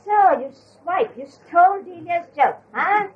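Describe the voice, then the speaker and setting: A woman's voice: high-pitched, very animated, moderate pace. A woman voicing an elderly male spiritual master who teases his followers, in a playful, mock-stern way, on a dull lo-fi recording. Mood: teasing.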